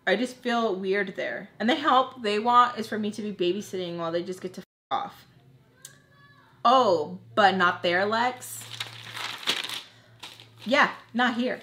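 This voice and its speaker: A woman's voice: medium pitch, a little slow, long pauses, fairly bright tone. A woman in her twenties telling a candid storytime, rambling with lots of fillers and swearing. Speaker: vlogger. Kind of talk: casual storytime vlog.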